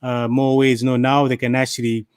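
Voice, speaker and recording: Man panelist, mid-pitched, rambling and repetitive, dry close sound. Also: little pitch movement, fairly quick, darkish tone, clean tone, no room sound. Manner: rambling storyteller, repeats words. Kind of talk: casual discussion.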